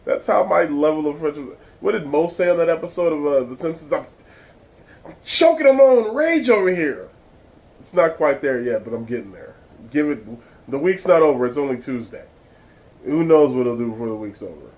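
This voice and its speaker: A man's voice: on the high side, a little fast, darkish tone, rough recording. A man hosting his own vlog, giving blunt, exasperated and profane commentary. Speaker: vlog host. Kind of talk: casual ranting commentary.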